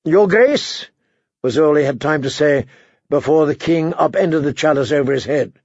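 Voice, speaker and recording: Man narrating an audiobook, slightly high. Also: darkish tone, breathy edge, no echo. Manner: measured, dramatic storytelling. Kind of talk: audiobook narration of a fantasy novel. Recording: dull, muffled audiobook recording.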